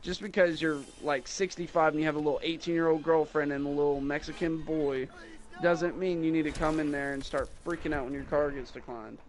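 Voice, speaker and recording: A young man who sells guitars, rambling through a mocking, animated story about rude customers in casual chat. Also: fairly high pitch, brisk. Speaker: guitar salesman.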